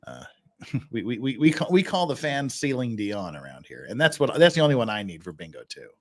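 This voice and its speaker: A man's voice: medium pitch, very animated, a little fast. A man hosting a casual livestream, chatting and joking with frequent restarts. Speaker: livestream host.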